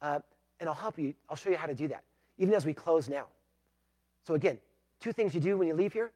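A pastor preaching a sermon, emphatic, moving between loud declarations and hushed, pleading passages. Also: male voice, on the high side, quick pace.

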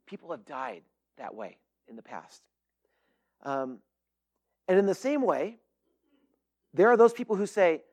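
Middle-aged male pastor with a high voice, earnest and emphatic sermon delivery. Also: big pitch swings, normal speed, long pauses, a little mellow. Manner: earnest, emphatic, with frequent fillers and restarts.

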